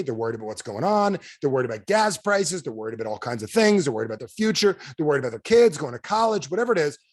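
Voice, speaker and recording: A man giving an energetic motivational talk to a sales team on a video call, firing rhetorical questions at his listeners. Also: fairly high pitch. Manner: energetic, rhetorical questions to the audience, emphatic swings in loudness. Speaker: direct sales trainer.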